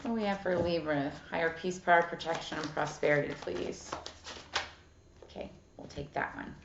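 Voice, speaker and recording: Reading tarot casually, a woman with a low voice and vocal fry talks at a moderate pace, reading card texts aloud, cursing freely and saying "like" and "um" a lot. There's background noise, and the audio is dull and lo-fi in an echoey room.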